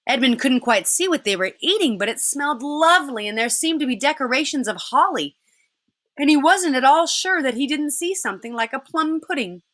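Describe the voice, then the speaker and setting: A woman teacher reading a children's novel aloud in an expressive way. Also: high voice, a little fast.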